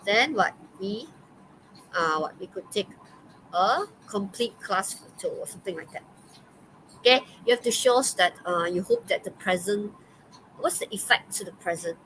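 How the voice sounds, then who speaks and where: A woman's voice: mid-range voice, expressive, normal speed, a bit bright, a little hiss or hum, rough recording. Chatty Malaysian woman teaching online. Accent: Malaysian English. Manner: chatty, many okays and fillers, laughs often. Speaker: English teacher.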